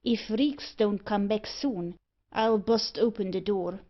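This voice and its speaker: A cautious, rough-talking rogue in broad dialect, voiced by a woman. The audiobook sounds dull and lo-fi. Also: mid-range voice, slow. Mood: wary. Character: wary gruff male rogue sandman. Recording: muffled lo-fi audiobook recording.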